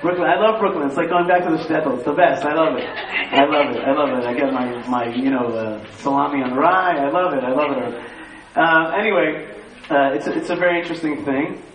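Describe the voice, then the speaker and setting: A man telling stories to a live audience, animated, repeating phrases and quizzing the crowd. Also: fairly high pitch, brisk. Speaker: speaker addressing an audience. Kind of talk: lively storytelling talk. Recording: echoey room, far from the mic, faint hiss.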